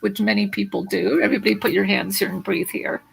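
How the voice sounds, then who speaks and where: A woman voice coach speaking in a live video interview, animated and instructive, with a slight morning frog in her throat. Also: medium pitch, fast talker, gravelly, few pauses, slightly rough, rough recording.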